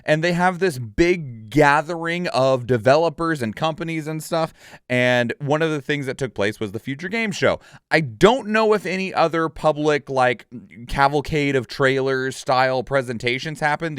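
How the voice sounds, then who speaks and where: Rambling male streamer, smooth dry voice. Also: medium pitch, brisk, no echo. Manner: rambling and offhand. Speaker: reaction streamer. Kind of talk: casual commentary.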